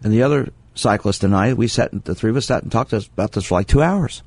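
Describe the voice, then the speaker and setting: Earnest low-voiced man hosting a radio show. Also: quick pace, darkish tone, no echo. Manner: earnest, emphatic with repeated phrases. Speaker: sports psychologist and radio show host. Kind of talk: radio talk monologue taking calls.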